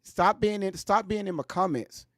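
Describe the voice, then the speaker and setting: A man with hosts a livestream. He presses commenters with repeated questions, his voice sitting a bit high for a man, close and dry with no room sound. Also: moderate pace, a bit bright, no echo. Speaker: livestream host. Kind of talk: livestream talk.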